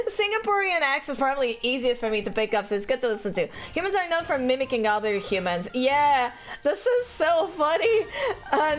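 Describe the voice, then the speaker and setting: Giggly high-voiced young woman streamer. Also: sing-song, moderate pace. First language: not English. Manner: chatty, giggly, many fillers and restarts. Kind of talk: casual chat with live chat. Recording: faint music behind.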